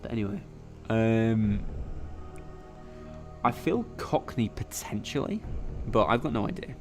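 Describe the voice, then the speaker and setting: A man's voice: lowish voice, sing-song, unhurried, soft background music. A man hosting and playing along on a live quiz stream, chatty and rambling with lots of fillers. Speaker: quiz game host and player. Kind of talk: live-streamed quiz play-through commentary.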